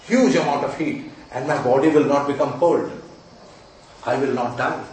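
A male astrology teacher with a medium-pitched, darkish voice lectures at a moderate pace, repeating key points emphatically and quizzing his students to confirm they follow. The recording has a far-off mic in a very echoey room and slight background noise.

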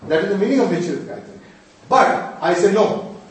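A man teaching mantras to a group, quizzing his listeners emphatically and chanting verses slowly. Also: high-pitched, animated. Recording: echoey room, distant mic.

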